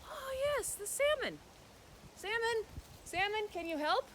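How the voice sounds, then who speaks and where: A man's voice: very high-pitched, sing-song, normal speed, pushed and bright, a little hiss or hum, exaggerated voice. A man voicing a kind, determined young princess in a folk tale. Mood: eager.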